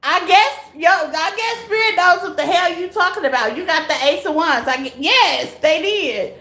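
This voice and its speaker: A woman hosting a casual live tarot reading, talking to her viewers. She laughs often and bursts into loud exclamations. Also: extremely high pitch, lively intonation, moderate pace, echoey room.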